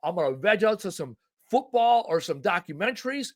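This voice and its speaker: Animated, swearing male podcast host. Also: high-pitched, brisk. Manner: animated, emphatic, folksy and profane. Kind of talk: casual podcast chat.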